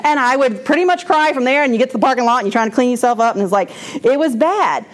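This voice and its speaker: A woman shares a personal testimony with a church class. Her voice sits a little on the high side. She talks candidly and loosely, breaking off and restarting her sentences and laughing as she goes. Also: expressive, fast. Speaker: speaker at a church moms' class.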